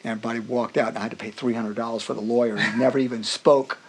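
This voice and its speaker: A middle-aged man, a music professor guest on a podcast, telling personal stories in an animated way, acting out other people's voices and often restarting his sentences. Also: mid-range voice, racing. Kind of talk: personal storytelling in a conversation.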